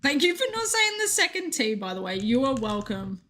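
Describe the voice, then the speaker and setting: A woman's voice: sits high, very animated, fairly quick, a bit bright. A young woman streaming a game, chatting casually and reading out chat with joking asides.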